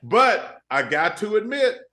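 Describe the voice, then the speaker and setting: An older man with a drawl tells lively stories as a talk show guest. He keeps quoting himself and other people as he goes. His voice sits a little high for a man. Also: unhurried. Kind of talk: casual phone interview.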